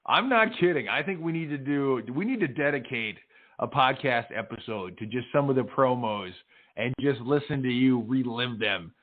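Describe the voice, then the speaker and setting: A man's voice: medium pitch, normal speed. A man hosting a podcast, chatting casually and enthusiastically, praising and encouraging his co-host. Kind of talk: casual chat. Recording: tinny phone-like line.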